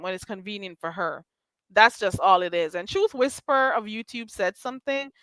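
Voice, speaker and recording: A woman's voice: mid-range voice, fairly bright tone, clean tone, no echo. A woman hosting a casual commentary show, talking in a blunt, emphatic and profane way.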